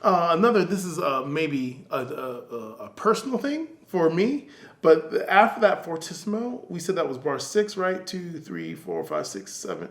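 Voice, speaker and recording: A man's voice: sits high, big pitch swings, normal speed, reverberant. A man giving feedback in a casual spoken lesson, singing passages aloud in syllables and talking in loose restarts. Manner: scats the music aloud in sung syllables. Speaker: music teacher giving feedback.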